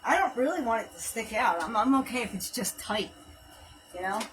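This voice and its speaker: A woman's voice: on the high side, expressive, moderate pace, a bit bright, recorded from a distance, a little hiss or hum, poor audio. A woman hosting a live home workout stream, counting reps aloud and chatting casually while she exercises, a little out of breath. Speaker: fitness livestream host. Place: home workout space, livestream.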